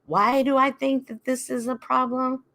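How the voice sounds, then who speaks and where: A woman hosting a livestream, talking to her viewers in an animated, dramatic way and often laughing as she reacts. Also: high voice, normal speed. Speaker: host.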